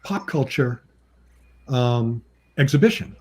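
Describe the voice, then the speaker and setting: Guy who writes and draws comics, rambling through stories, laughs a lot, does little voices for people he quotes, average pitch. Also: lively intonation, slow pace. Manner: chatty, acts out quoted people with pitch jumps; laughs often between remarks. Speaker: comic book writer and artist, guest. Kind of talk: casual anecdotal storytelling.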